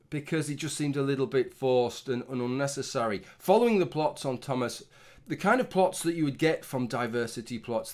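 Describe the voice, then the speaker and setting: A middle-aged man giving a casual, rambling opinion commentary, swearing often and restarting his sentences. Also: mid-range voice. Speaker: commentary vlogger.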